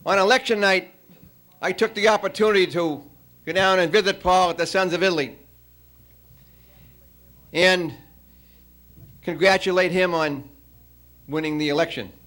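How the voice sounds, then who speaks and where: A man giving a farewell after-dinner speech, telling a long joke with frequent pauses and fillers. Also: sits high, fairly bright tone. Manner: storytelling, halting with many uh fillers.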